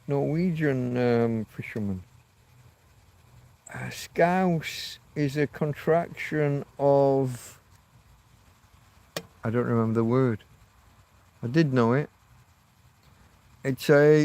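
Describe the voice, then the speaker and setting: A man's voice: mid-range voice, a little mellow. A man hosting a casual livestream, chatting loosely with viewers and reacting to their comments. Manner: meandering, reacts to chat, self-mocking asides. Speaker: livestream host. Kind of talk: rambling livestream chat with viewers. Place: living in Spain.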